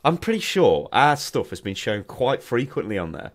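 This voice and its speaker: A man's voice: mid-range voice, big pitch swings, normal speed. A man hosting a casual chat, telling stories with animation and swearing freely. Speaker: host.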